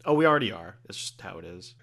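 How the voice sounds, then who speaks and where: A man chatting casually as a podcast co-host. His voice is low-pitched and bright. He rambles, swears freely and fills his talk with ums and you-knows. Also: expressive, fast, gravelly. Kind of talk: casual chat.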